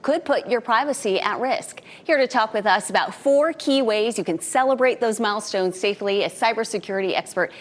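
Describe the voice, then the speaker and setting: A woman's voice: on the high side, brisk, hardly any pauses. A woman news anchor reads the headlines and talks with a guest. She sounds friendly and conversational, recorded in a studio. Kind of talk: newscast anchoring and interviewing.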